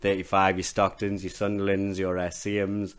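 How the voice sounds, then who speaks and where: A man's voice: deep voice, completely flat delivery, moderate pace, clean tone. A man, a comedian guest chatting casually on a podcast, talking in rambling explanations with many fillers. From Newcastle, England.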